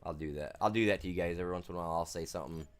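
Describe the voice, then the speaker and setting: Streaming a farming game, this man talks casually, rambling along in relaxed slang. His low-pitched voice races.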